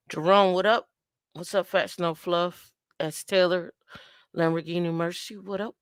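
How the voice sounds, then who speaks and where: A woman's voice: on the low side, fairly even intonation, a little slow, clean tone, no echo, studio quality. A woman hosting a casual livestream, chatting to viewers by name and breaking into playful sung sound effects. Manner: playful, sings and imitates dancehall sounds. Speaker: host.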